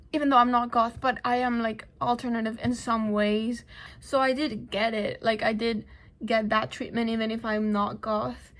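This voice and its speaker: Chatty young woman vlogger, non-native speaker. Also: sits high. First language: not English. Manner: chatty, animated, laughs often, trails off into whispers. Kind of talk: casual rant to camera.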